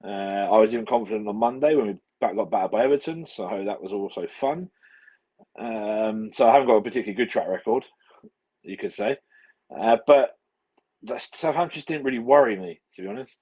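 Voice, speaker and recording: Husky, low-voiced man with wry humour. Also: darkish tone, low-quality recording. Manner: wry, self-deprecating. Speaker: podcast co-host. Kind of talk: casual chat.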